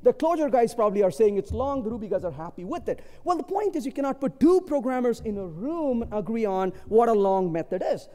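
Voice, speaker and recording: High-voiced man giving an animated conference talk. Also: fairly quick, few pauses. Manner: animated storytelling, rhetorical "isn't it?" tags. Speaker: conference speaker. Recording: long hall reverb.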